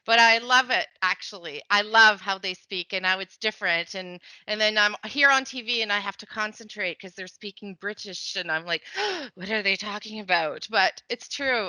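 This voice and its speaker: A woman from New Brunswick moderating a panel discussion, chatty and animated, switching between English and French. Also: mid-range voice, dry recording. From New Brunswick, Canada. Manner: chatty, animated, laughs often.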